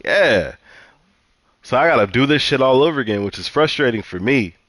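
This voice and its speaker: A man's voice: mid-range voice, animated, moderate pace, fairly bright tone, no echo. A man telling a personal story in a heated, profane, repetitive way, venting casually.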